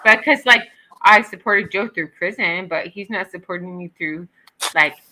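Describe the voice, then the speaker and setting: Woman, livestream chat, emotional, swearing, bright tense voice. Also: fairly low pitch, moderate pace, a little hiss or hum, rough recording. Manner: emotional, swearing, swings from soft to loud. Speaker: stream panel guest.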